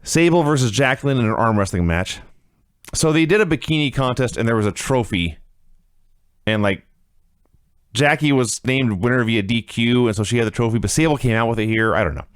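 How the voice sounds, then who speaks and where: A man co-hosting a casual podcast, recapping wrestling with sarcastic, animated commentary. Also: medium pitch, moderate pace, clean tone, dry recording, studio quality. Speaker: podcast co-host reviewing wrestling.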